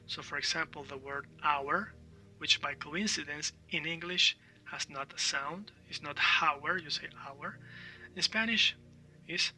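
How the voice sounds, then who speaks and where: Man, language teacher, very bright voice, slightly high pitch, drills words over and over, mic a bit distant, soft music behind. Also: a little slow. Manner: explanatory, repeats words for drill, frequent "all right?". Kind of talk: online language lesson.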